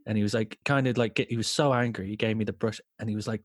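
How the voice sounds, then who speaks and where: An Irish man hosting a podcast, telling an absurd story deadpan and checking in with "right?". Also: fairly low pitch, fast, hardly any pauses, no echo, clean studio sound. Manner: rambling deadpan tall tale with many "right?" checks. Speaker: podcast host. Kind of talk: comedic storytelling.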